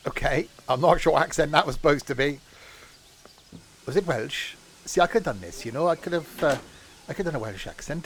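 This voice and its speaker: A man's voice: fairly high pitch, lively intonation, brisk, a bit bright, a little hiss or hum. A man chatting casually while live-streaming a train game, with joking asides.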